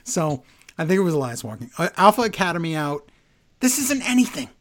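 Animated sarcastic man recapping wrestling. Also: on the high side, brisk. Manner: sarcastic, animated, laughs often. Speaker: podcast co-host. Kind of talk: casual wrestling recap chat.

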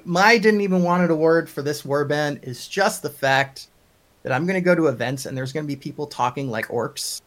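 A man's voice: fairly high pitch, fairly bright tone. A man from Long Island with a Long Island accent, hosting a casual podcast chat and ranting in an exasperated, joking way. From Long Island, New York. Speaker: podcast host.

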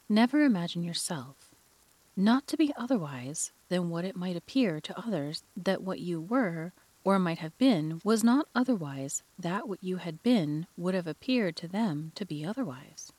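A woman's voice: fairly low pitch, expressive, measured pace, darkish tone, no room sound. A woman reader voicing the Duchess, a rambling, moralizing older noblewoman. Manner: long-winded, fussy, sententious.

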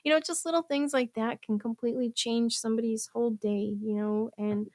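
A woman's voice: on the high side, steady tone, a little fast, darkish tone, dry recording. Earnest woman in casual chat, dry sound. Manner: earnest, faith-centered, many "you know"s.

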